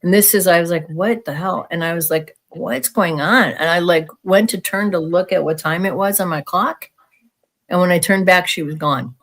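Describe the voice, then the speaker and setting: A woman with a lowish voice tells her story as a guest in an easy, unscripted way. She grew up in the American Midwest and talks with frank, animated energy, acting out the voices of the people she quotes. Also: brisk. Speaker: guest sharing alien encounter experiences. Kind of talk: casual storytelling in conversation.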